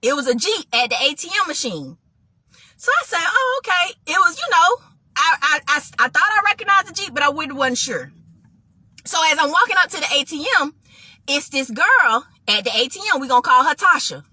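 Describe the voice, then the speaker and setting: A woman with a high-pitched voice tells her personal testimony briskly and with animation, acting out both sides of a conversation and calling her listeners "y'all." No echo.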